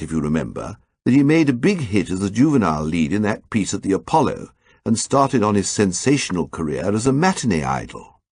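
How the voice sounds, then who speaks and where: A man reading an audiobook in a dry, measured storytelling manner into a close studio mic. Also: on the low side, a little mellow, husky, no echo. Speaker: audiobook narrator. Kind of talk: scripted narration.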